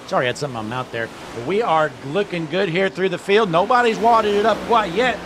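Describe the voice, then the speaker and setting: Excitable sim racing play-by-play man. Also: sits high, fast talker, hardly any pauses, a little hiss or hum. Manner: excited, raising his voice at the green flag. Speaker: race commentator.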